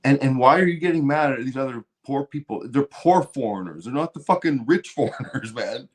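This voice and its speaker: A man's voice: mid-range voice, expressive, brisk. A man hosting a stream, ranting about politics in a heated, profane way with lots of restarts. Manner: heated, swearing, repeats and restarts. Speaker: show host.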